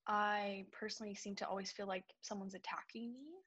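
A woman's voice: mid-range voice, a little fast, fairly bright tone, slightly rough, dull audio. A young adult woman co-hosting a podcast, chatting casually and acting out text messages in different voices. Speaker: podcast co-host. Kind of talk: casual chat.

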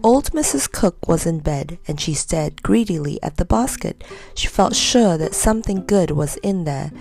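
A woman narrating a children's story in a gentle, measured reading. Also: on the low side, animated, creaky.

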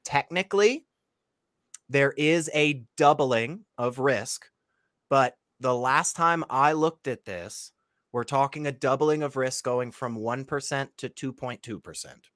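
A man co-hosting a casual talk, reacting with disbelief and quick exclamations. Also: medium pitch, a bit bright, no room sound, clean studio sound. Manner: incredulous, exclaims and laughs. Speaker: co-host. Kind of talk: casual discussion reacting to a video.

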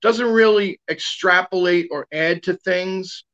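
A man's voice: high voice, unhurried, a bit bright, lo-fi sound. A man guest telling a long personal story in casual talk, rambling with lots of fillers and restarts.

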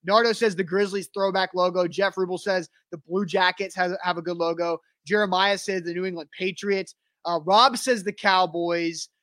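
A sports talk host with a fairly high voice, running through sponsor copy and listener picks in a loose, chatty way. His voice sits close and dry on the mic, with no room sound around it. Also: steady tone, normal speed, hardly any pauses, fairly bright tone, no echo. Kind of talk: casual sports radio chat.

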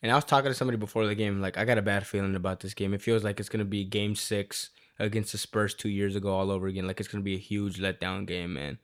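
A young man in his twenties with a lowish voice rants in casual chat. His delivery is animated and heavy on slang and swearing. He sounds loose and unscripted throughout. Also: fast talker, hardly any pauses, clear, resonant tone. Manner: animated, profane, slangy storytelling.

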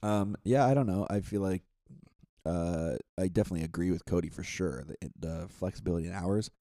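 A man's voice: deep voice, a little fast, warm tone, dry recording, clean studio sound. A man who works as a server, talking casually, blunt and swearing freely. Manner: blunt, profane, enthusiastic. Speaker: restaurant server. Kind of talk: casual chat.

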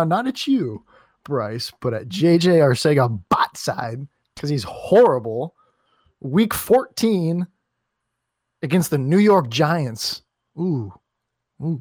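A man co-hosting a casual sports podcast, ranting loudly and swearing, yelling at times. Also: mid-range voice, no echo. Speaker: podcast co-host.

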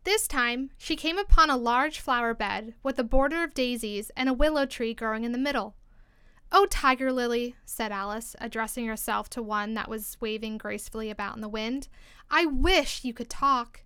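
A woman reading a classic storybook aloud with expressive, lively narration. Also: on the high side, brisk, hardly any pauses, clear, resonant tone, dry recording, clean studio sound. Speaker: storybook reader.

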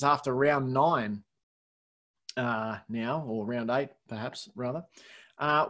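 A man hosting a casual sports podcast, reading out scores with wry asides. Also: medium pitch. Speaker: podcast host.

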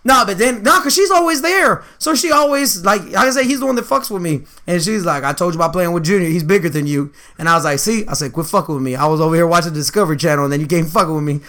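A man telling stories in casual chat, profane and animated, slipping into voices for the people in his tales. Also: sits high, quick pace, few pauses.

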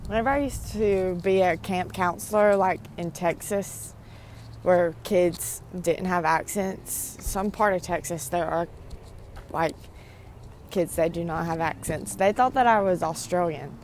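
A woman's voice: lowish voice, a little slow, darkish tone, slight background noise. A young woman in her twenties vlogging a casual, meandering monologue full of "like" while pacing outside in a parking lot, talking into her phone.

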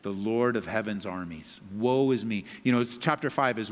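A man preaching a sermon, swinging between loud emphatic passages and hushed, low scripture reading. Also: normal speed, hardly any pauses. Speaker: pastor. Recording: long reverb of a large hall.

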